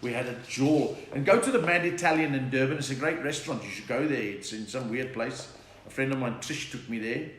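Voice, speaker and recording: South African comedian telling stories. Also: male voice, mid-range voice, a bit bright. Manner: chatty storytelling, slips into put-on accents and voices. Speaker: comedian reading viewer comments. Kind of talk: live-streamed stand-up chat. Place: room at home. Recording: echoey room, faint background noise.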